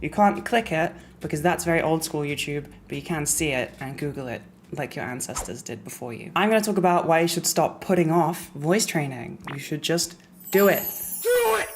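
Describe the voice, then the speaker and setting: A woman's voice: sits low, animated, a little fast, few pauses, slight background noise. A young woman vlogging at home in a casual, chatty way, full of fillers and little asides. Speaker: YouTuber. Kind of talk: casual vlog talk.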